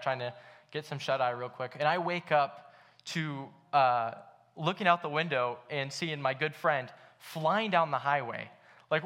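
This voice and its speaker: A man's voice: a little high, fairly bright tone. A young man giving a casual sermon at church, telling a story in a chatty way with lots of fillers. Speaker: pastor. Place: church hall.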